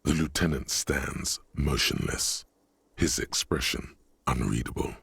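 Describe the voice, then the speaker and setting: An actor playing a deep-voiced game narrator who speaks the detective's inner voices in an ominous manner. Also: male voice, unhurried, gravelly, fairly bright tone, husky, no room sound, full character voice. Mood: brooding.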